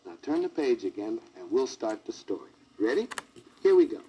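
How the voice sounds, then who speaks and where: A man's voice: mid-range voice, big pitch swings, moderate pace. A man narrating a children's storybook record, with jokey asides to the listener, on a crackly 1960s vinyl record.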